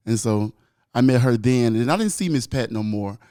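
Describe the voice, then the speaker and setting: A man's voice: mid-range voice, expressive, a little fast, darkish tone, dry recording, clean studio sound. A man, a guest chatting casually and laughing along. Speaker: guest, makeup artist. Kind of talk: casual chat.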